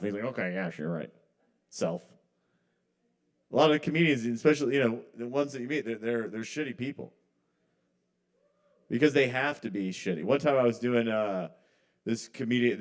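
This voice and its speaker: A man performing a rambling, conversational stand-up set at an open mic, often trailing off mid-thought. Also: fairly low pitch. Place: live kava bar open mic.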